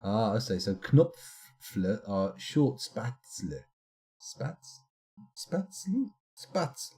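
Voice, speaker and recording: Male game streamer, chatty, rambling, lively pitch, mellow tone. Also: very slow. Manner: rambling, chatty, mutters to himself. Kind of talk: live let's-play commentary.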